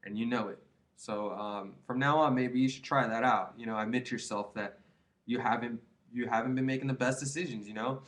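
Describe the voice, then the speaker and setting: A young man in his twenties talks straight to the camera in a casual vlog, giving advice. He rambles and preaches in earnest, often stops to restart his sentences and tags them with "you know?" His pitch sits in an ordinary middle range for a man. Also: steady tone, a little fast, a bit bright. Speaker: vlogger.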